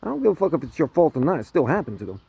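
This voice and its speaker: A man's voice: a little high, rapid-fire, gravelly, husky, no room sound. A man ranting casually to camera, swearing constantly and laughing between lines. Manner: profane, laughing often, animated. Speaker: vlogger.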